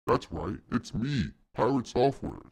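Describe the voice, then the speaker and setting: A man doing an exaggerated deep-voiced impression of a boastful male game developer streamer during a live stream. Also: big pitch swings, measured pace, vocal fry, breathy edge, exaggerated voice. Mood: smug. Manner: boastful, self-satisfied.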